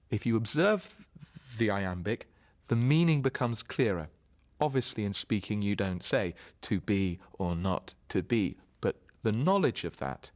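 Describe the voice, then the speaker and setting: Thoughtful man, low-pitched. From Britain. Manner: thoughtful, measured, explanatory. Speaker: actor. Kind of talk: interview answers.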